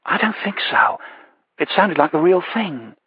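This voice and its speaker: A man voicing a composed woman news producer, brisk and matter-of-fact. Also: high-pitched, animated, slightly rough, no echo, voice pushed up, heavily acted. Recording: dull lo-fi audiobook recording.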